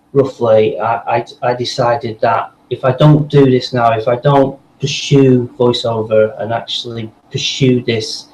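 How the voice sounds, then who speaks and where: A man's voice: medium pitch, darkish tone. Man telling his story in a roomy echo. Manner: rambling, many fillers and restarts. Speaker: voice actor guest. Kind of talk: casual interview storytelling. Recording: roomy echo with faint background hum.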